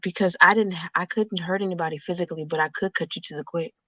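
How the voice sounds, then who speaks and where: Measured, reflective low-toned woman. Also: fairly even intonation, a bit bright, dry recording. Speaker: guest. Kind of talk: casual podcast chat.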